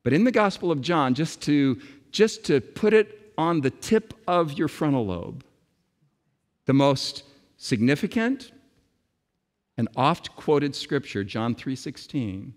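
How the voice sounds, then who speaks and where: A man preaching a sermon with emphatic delivery, dramatic pauses and repetition. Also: fairly high pitch, animated. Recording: long reverb of a large hall.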